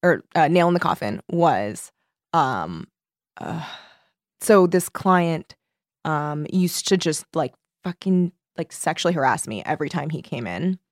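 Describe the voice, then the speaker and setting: Young woman, podcast co-host, casual chat, animated storytelling, lowish voice, dry close sound. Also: a little slow, no echo. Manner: animated storytelling, swears freely.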